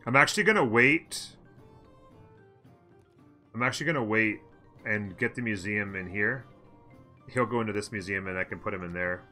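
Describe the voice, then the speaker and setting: A man's voice: lowish voice, brisk, sharp tone, soft background music. A man hosting a strategy game let's play, chatting and thinking aloud as he plays and answering his chat.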